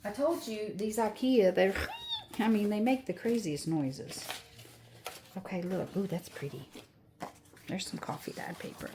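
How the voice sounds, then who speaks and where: A woman's voice: mid-range voice, lively intonation, a little slow, long pauses, background noise. A woman of sixty chatting casually as she crafts at home, rambling and upbeat. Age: 60s. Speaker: crafting vlogger.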